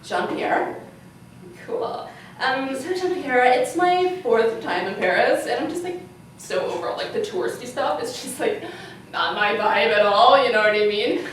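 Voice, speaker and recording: A woman's voice: fairly high pitch, sing-song, unhurried, slight background noise. A woman playing a self-absorbed, ditzy young American tourist on a live comedy stage, bubbly and giggly with lots of filler talk. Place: cabaret piano bar stage. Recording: echoey room from far off.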